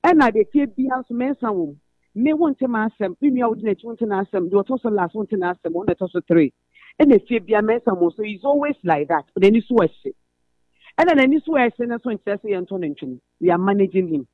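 A woman's voice: mid-range voice, expressive, moderate pace, no room sound. A woman with a Ghanaian accent calls in to a radio show and earnestly recounts her family troubles at length, mixing in English phrases. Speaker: radio caller. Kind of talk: phone-in personal story, code-switching. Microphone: telephone. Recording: tinny phone line, dry.

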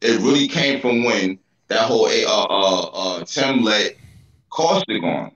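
A man guest keeps teasing and insisting, often repeating himself. His pitch is lively and jumps high. He sounds distant in a roomy space, and the recording is slightly dull. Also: unhurried. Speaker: talk show guest. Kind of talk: heated casual chat.

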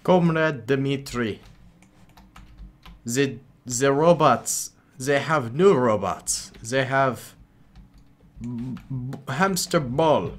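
A man voicing a hammy male Soviet commander in slow, broken English with a mock Russian accent that keeps slipping. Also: medium pitch, expressive. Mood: conspiratorial.

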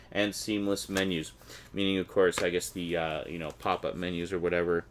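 A Canadian man chatting casually and wryly while opening a package and reading out the blurbs. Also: on the low side. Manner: chatty and wry, reading blurbs with mock enthusiasm. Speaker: unboxing vlogger.

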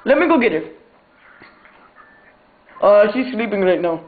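A young man doing a high-voiced fussy immigrant dad. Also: animated, a little slow. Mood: insistent. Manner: insistent, pleading, broken English. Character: fussy immigrant father booking a party. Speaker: prank caller. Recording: tinny phone line with faint hiss.

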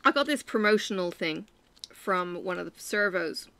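An Irish crafting vlogger chats casually while she stitches, telling rambling stories with frequent fillers. Her fairly low voice is expressive and creaky, pushed and bright, at normal speed.

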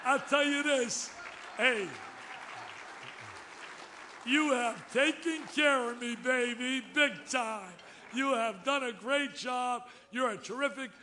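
A man in his seventies giving a lively, excitable acceptance speech, telling stories loudly. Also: extremely high pitch, slight background noise. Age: 70s. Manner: excitable, loud, storytelling, exclamatory. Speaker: award recipient giving a speech.

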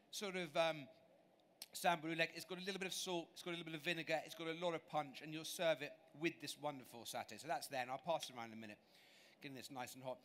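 A man's voice: on the high side, a bit bright, slight background noise. Chatty English man doing a cooking demo. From England. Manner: chatty, self-deprecating, enthusiastic. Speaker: chef demonstrating cooking. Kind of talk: live cooking demonstration. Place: large exhibition stage.

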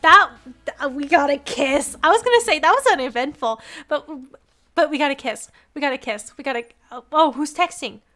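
A young woman streaming a game live, reacting in an excitable, giggly way and reading the game's text aloud. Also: sits high, normal speed.

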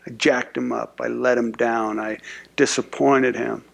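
A man's voice: mid-range voice, fairly even intonation, unhurried, gravelly, a bit bright. A male pastor giving a conversational sermon who acts out short voices and often repeats words as he talks.

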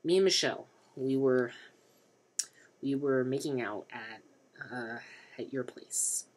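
A man's voice: medium pitch, slow. A man doing a sheepish stammering young guy. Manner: stammering, rambling. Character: sheepish, embarrassed young man telling a mishap.

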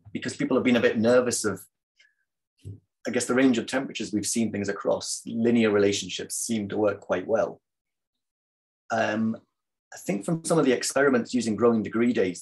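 A man, an invited speaker, answering audience questions in a thoughtful, hedging way over a video call. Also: lowish voice.

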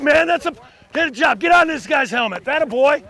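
A football coach wearing a mic at an outdoor practice, shouting quick commands and hyped-up praise. His voice sits very high and sounds bright and forceful. A faint crowd of players can be heard around him. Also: animated. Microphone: body-worn mic.

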